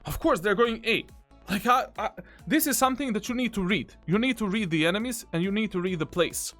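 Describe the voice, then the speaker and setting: A man commentating on his own gameplay as a coach. He is excitable and boastful and keeps calling the viewer bro. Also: high voice, fairly quick, soft background music. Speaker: game coach reviewing his own match.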